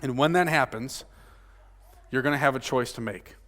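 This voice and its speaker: A male pastor preaching a sermon. He swings between loud emphasis and hushed, near-murmured lines, and often checks in with the room by asking "right?". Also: mid-range voice, normal speed. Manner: frequent rhetorical "right?" tag questions. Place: church sanctuary. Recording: long reverb of a church sanctuary.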